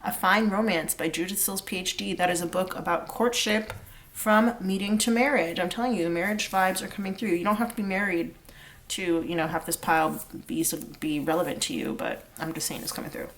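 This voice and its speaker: A woman's voice: on the low side, fairly quick, a bit bright. Woman rambling thru a tarot reading, lots of um and like, easygoing. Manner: chatty and rambling, many fillers, sings snatches of lyrics. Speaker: tarot reader. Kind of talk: pick-a-card tarot reading.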